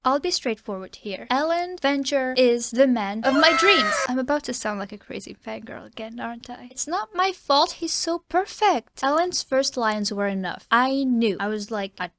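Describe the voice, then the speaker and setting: A woman's voice: sits high, animated, normal speed, hardly any pauses, noisy background. Gushing young woman book reviewer. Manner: gushing, joking, dramatic asides. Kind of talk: enthusiastic fangirl book review.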